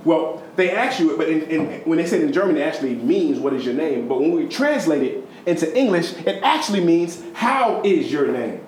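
A man's voice: expressive, brisk, few pauses, echoey room, slight background noise, poor audio. Man preaching a storytelling sermon. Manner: conversational storytelling preaching, swings between high emphatic and low quiet.

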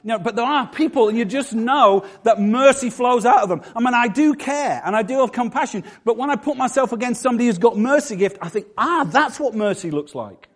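A man's voice: extremely high pitch, expressive, a little fast, few pauses. A middle-aged man preaching a sermon as pastor, conversational and self-deprecating.

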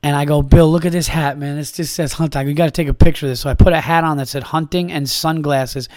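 A man hosting a podcast, telling a rambling, profane comedy story in a casual, animated way. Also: on the high side, fast, no room sound, studio quality.

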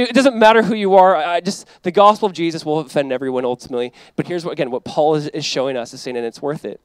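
A man in his thirties preaching a sermon as pastor, animated and emphatic, acting out quoted voices. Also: on the high side, no room sound.

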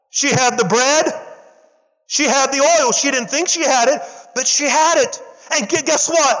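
Man, pastor, high voice, animated sermon, call-and-response, casual slang asides, dull lo-fi sound. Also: in a large hall. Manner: animated preaching, calls for audience response; acts out characters' lines in casual slang. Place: church.

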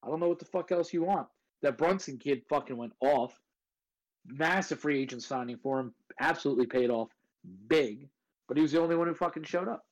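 A brash man co-hosting a casual sports podcast, talking in a slightly high voice. He gets riled up and curses freely as he trades takes with his co-host. His delivery is loud, pushy and full of bluster. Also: brisk, highs cut off. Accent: put-on accent at times.

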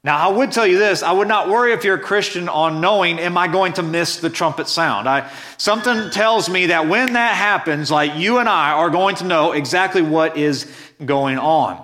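Bright-voiced male preacher. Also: high-pitched, moderate pace. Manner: earnest, emphatic preaching with scripture reading. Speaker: pastor. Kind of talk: sermon.

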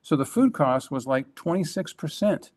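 Conversing as a guest, a former franchise executive recounts a business story in a fairly high-pitched voice. He is animated and insistent, restarting his thoughts quickly.

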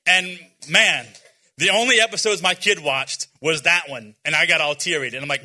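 A man's voice: a little high, normal speed, sharp tone. A man in his forties giving an informal, earnest sermon to young people, with many fillers and restarts and some self-deprecating humor. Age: 40s. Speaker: youth speaker.

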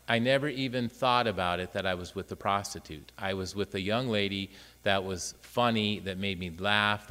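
The long echo trails after this lowish-voiced man, a priest in his fifties, as he shares a story from his own life in a homily. Animated in the telling, he voices the other people in it and performs both halves of each exchange.

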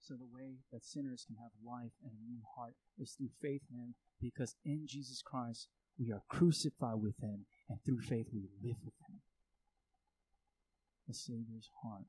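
A man's voice: mid-range voice, fairly even intonation, normal speed, warm tone, breathy edge, no room sound, rough recording. A man preaching a sermon, speaking earnestly and acting out prayers and indignant reactions to make his point. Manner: earnest, acts out prayers and reactions with rising intensity. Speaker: pastor.

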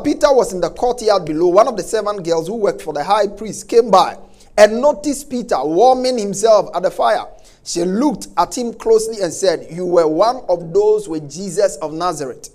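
A man preaching a sermon, emphatic and repetitive, swinging from quiet asides to loud stresses. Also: high-pitched.

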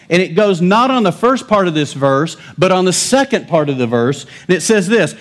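A man preaching a sermon in a church, his voice a little higher than most men's. He moves between ringing, emphatic declarations and quieter, lower asides to the congregation. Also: lively intonation, a little fast. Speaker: pastor.

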